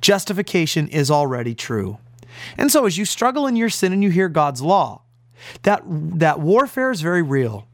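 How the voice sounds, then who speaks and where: Emphatic preaching man, lively pitch. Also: normal speed, no echo, clean studio sound. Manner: emphatic preaching with rhetorical questions. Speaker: pastor. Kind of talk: radio sermon.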